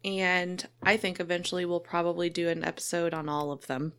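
A woman co-hosting a podcast in casual chat, relaxed and chatty, with many fillers. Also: fairly low pitch, fairly quick, smooth. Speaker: podcast co-host.

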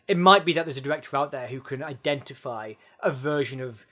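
A man's voice: medium pitch, fairly quick, sharp tone. A man co-hosting a casual film chat, giving considered opinions in a thoughtful, hesitant way. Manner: thoughtful, hesitant, full of ums and restarts. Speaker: podcast co-host and film critic.

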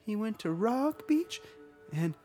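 Old-lady bit: a woman doing a prim, syrupy elderly lady, high and slow, overly polite. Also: very animated, mellow, soft background music. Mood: sweetly innocent. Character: prim sweet elderly woman named Gladys.

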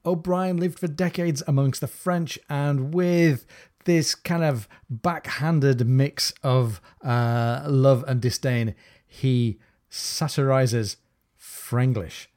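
At a slow pace and medium pitch, a man hosting a podcast holds a conversational discussion of a novel's humour. He stays animated throughout and occasionally reads lines, voicing them in affected accents.

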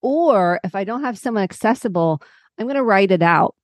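A woman's voice: medium pitch, animated, normal speed, no echo, clean studio sound. A woman psychotherapist on a podcast, earnestly walking through examples step by step. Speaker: psychotherapist guest. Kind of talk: podcast interview.

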